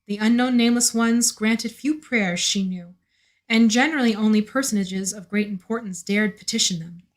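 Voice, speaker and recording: A woman with a slightly hoarse voice, reading a novel aloud on a live stream in an unhurried way, with chatty asides. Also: medium pitch.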